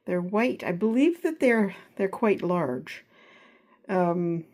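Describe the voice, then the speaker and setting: A woman with a medium-pitched, darkish voice speaks slowly with lively intonation. Recording from an upstairs spare room at home, this vlogger gives a casual weekly garden update, rambling and hesitant, full of fillers and restarts. She sounds a little out of breath.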